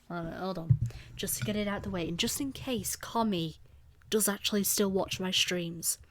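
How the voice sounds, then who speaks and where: A woman's voice: mid-range voice, moderate pace, a little hiss or hum. A woman hosting her live stream in casual chat, laughing often between her lines.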